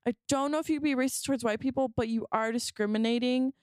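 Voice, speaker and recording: A woman's voice: high voice, quick pace, darkish tone, smooth, dry recording. Podcast co-host, woman, loose rambling chat with lots of fillers, dry close sound. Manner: rambling, hesitant, many fillers and restarts. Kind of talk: casual chat.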